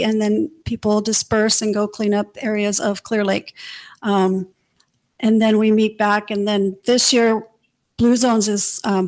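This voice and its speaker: Woman giving a casual slide presentation. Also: fairly high pitch. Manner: informal, many fillers, relaxed. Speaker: youth center presenter. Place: council chamber.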